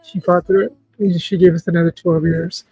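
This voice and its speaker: A man hosting a livestream in casual chat, talking in an emotional, halting, heartfelt way. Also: high-pitched, flat delivery, a little mellow, slightly rough, no room sound, lo-fi sound. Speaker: livestream host.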